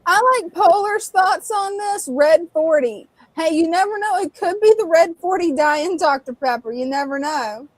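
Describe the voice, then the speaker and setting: A woman's voice: very high voice, dry recording, rough recording. A woman co-hosting a pet hobby live stream, chatting casually, laughing along, and reading out viewer comments. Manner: chatty, quick to laugh and agree.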